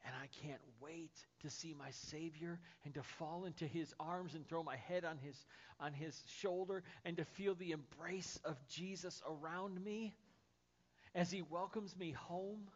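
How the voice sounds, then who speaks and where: Pastor preaching, hushed to fervent. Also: male voice, a little high, a little slow, lo-fi sound. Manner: swings from hushed, tender lines to loud, excited storytelling. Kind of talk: sermon.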